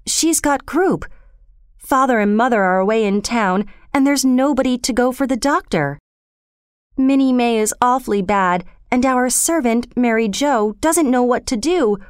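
A woman's voice: on the high side, unhurried, clean tone, no room sound, clean studio sound, voice pushed up, natural voice. A woman voicing a frightened young girl in a storybook reading, pleading and anxious. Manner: pleading, breathless with worry. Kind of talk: storybook character voice.

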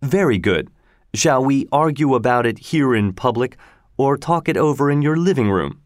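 A man voicing a calm, self-assured detective who speaks in a measured way, in a dry-sounding recording. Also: mid-range voice, no echo, natural voice. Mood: cool.

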